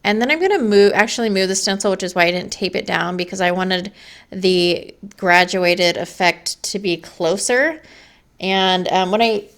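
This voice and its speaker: A woman's voice: mid-range voice, normal speed, a bit bright. A woman hosting a card-making tutorial in a casual voice-over, chatty with fillers, her voice a little worn. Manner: chatty, with fillers and small laughs. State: losing her voice.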